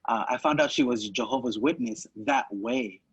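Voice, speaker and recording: A man's voice: mid-range voice, normal speed, slightly rough, no room sound, lo-fi sound. A man co-hosting a podcast, telling a rambling story in casual chat, with lots of "you know" and "right?". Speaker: podcast co-host.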